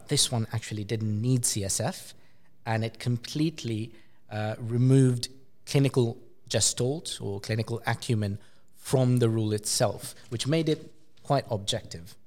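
A man, a pediatric clinician, explaining a research paper in a journal club discussion with lively emphasis and frequent fillers. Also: medium pitch, normal speed.

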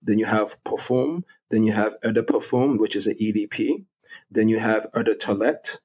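A man's voice: on the low side, monotone, normal speed. A middle-aged man, a guest on an interview show, explaining with enthusiasm and laughing often. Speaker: guest fragrance connoisseur. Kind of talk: casual interview.

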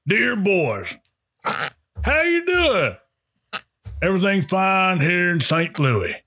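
A man's voice: high voice, very animated, slow pace, sharp tone, soft background music, pitched above the performer's own voice, heavily acted. A man putting on the voice of a folksy, doting old male prison warden who drawls and keeps breaking into laughter.

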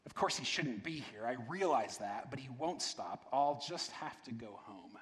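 A man's voice: mid-range voice, animated, moderate pace, fairly bright tone, voice pushed down, close to an everyday voice. A man voicing a weary male ghost who makes excuses to keep his lizard, read aloud in a sermon. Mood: pleading. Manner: pleading, making excuses. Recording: long reverb of a large hall.

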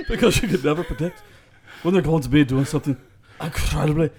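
A man's voice: a little high, quick pace, crowd noise, natural voice. A man putting on a dishonest pirate's voice that slips into a Scottish brogue. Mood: sly.

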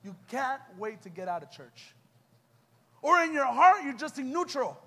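High-voiced young man preaching fervently. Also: sing-song, moderate pace, fairly bright tone, slightly rough. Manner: impassioned, rhetorical questions to the crowd. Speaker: youth preacher. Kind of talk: sermon. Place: church youth event.

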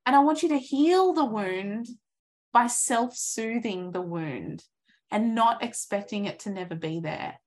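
A woman's voice: mid-range voice, unhurried. Encouraging woman coach in her thirties. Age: 30s. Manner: earnest and encouraging, acts out inner thoughts in lively voices. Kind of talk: motivational coaching talk.

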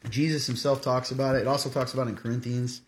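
A man's voice: mid-range voice, flat delivery, racing. A man hosting a casual faith podcast, plainly and steadily answering questions about the Bible. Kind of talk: casual teaching talk.

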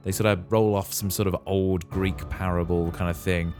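Laid back guy with a really deep voice walking through a movie plot, asks his cohost questions. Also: moderate pace, faint music behind. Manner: relaxed storyteller, quizzes co-host. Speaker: podcast host. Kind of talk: casual movie recap.

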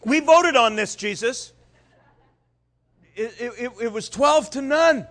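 Preacher voicing rowdy backers, high and loud, egging someone on. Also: male voice, slow, heavily acted. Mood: cheering. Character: cheering band of rowdy male followers.

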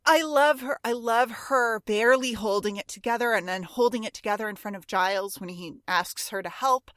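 A woman co-hosting a podcast in casual chat, gushing and excitable, often acting out quotes as she talks. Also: a little high, fairly quick, dry recording, studio quality. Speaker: podcast co-host. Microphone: studio microphone.

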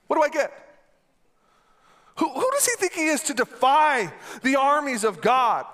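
A man voices a bold young male hero, pitched far above his own natural voice into an extremely high register, scoffing in disbelief at a giant. The heavily acted delivery is unhurried, bright and forceful, with big pitch swings and an incredulous tone.

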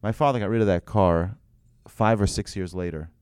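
A man giving an animated religious lesson to a group, asking rhetorical questions and telling anecdotes. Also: on the low side, moderate pace, clean tone, no echo, clean studio sound.

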